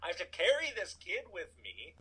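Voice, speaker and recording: A man in his thirties telling a personal story in a casual, animated way, full of "like" and asides. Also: sits high, moderate pace, slightly rough, poor audio. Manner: animated, chatty, filler-heavy "like". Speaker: storytelling guest.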